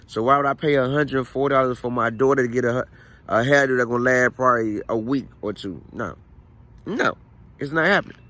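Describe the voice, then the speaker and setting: A man's voice: medium pitch, steady tone, fast talker, fairly bright tone. Chatty man telling a family story. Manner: conversational, repeats phrases, frequent "you know what I mean". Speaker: vlogger. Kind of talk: casual storytelling vlog.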